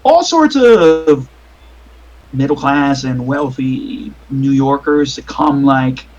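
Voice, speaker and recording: A man's voice: mid-range voice, expressive, slow pace, a little mellow, muffled recording. A man narrating as game master of a tabletop game over a voice call, rambling with many fillers and restarts.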